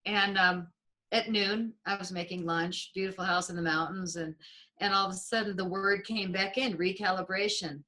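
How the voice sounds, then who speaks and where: A woman being interviewed, telling her experiences in an expressive way and acting out her own reactions. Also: mid-range voice, normal speed, rough recording. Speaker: interview guest. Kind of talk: animated storytelling in an interview.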